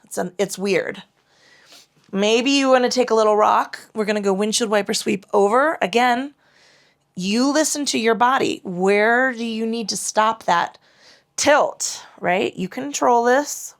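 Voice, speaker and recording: At a measured pace, a woman with a creaky voice guides her yoga class through hip and lower back work. She calls out breathing cues frankly and playfully, tossing in casual curse words.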